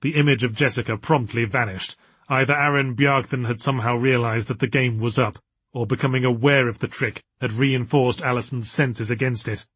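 A man narrating an audiobook story in measured storytelling tones with a husky voice. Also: medium pitch, fairly even intonation, a bit bright, no echo.

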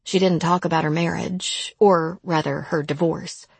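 A woman narrates a story in a measured, somber manner. Her voice is husky and sits low, and the recording is dry and close. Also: fairly even intonation, no room sound. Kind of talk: audiobook narration.

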